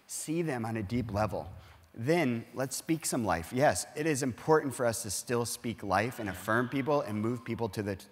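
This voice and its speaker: The pastor's fairly low voice trails off into a long reverb tail in the church auditorium. His sermon is conversational and earnest, mixing explanation with acted-out everyday dialogue.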